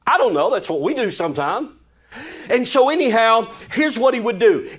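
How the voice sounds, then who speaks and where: A male pastor preaching a sermon in a folksy, animated way, full of exclamations, sometimes dropping to a hushed voice for a story. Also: extremely high pitch, normal speed, breathy edge.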